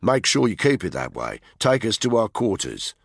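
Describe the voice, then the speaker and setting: A man's voice: on the low side, wildly swooping pitch, normal speed, gravelly, no echo, clean studio sound, pitched above the performer's own voice, heavily acted. A male narrator voicing a brash, crude, mocking special forces soldier in an audiobook thriller. He sounds swaggering and scornful.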